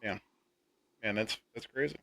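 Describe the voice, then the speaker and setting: A man, co-hosting a podcast, reacting with disbelief and thinking out loud. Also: lowish voice, normal speed, creaky. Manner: incredulous, reacting and musing aloud. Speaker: podcast co-host. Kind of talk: casual chat.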